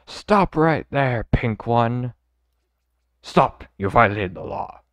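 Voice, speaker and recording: A man's voice: medium pitch, animated, takes it slowly, fairly bright tone, no room sound, studio quality. A man voicing a stern villain enforcer in a video game, issuing formal, commanding threats.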